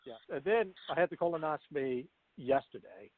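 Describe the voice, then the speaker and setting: A man co-hosting a political talk radio show, telling stories in a chatty, animated way. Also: on the high side, normal speed, dry recording. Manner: chatty storyteller, animated retellings. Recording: dry tinny phone line.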